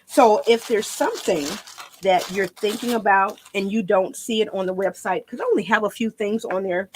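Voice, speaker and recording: A woman's voice: medium pitch, normal speed, a little mellow, a little hiss or hum. A woman demonstrating a painting craft in a chatty, rambling way, often repeating her words.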